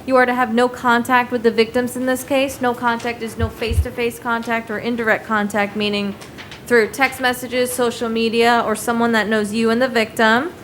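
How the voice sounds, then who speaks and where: Brisk woman judge, slightly high. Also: level tone, a bit bright. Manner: brisk, procedural, repeats conditions slowly. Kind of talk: courtroom proceedings. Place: courtroom. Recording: faint room noise, heater.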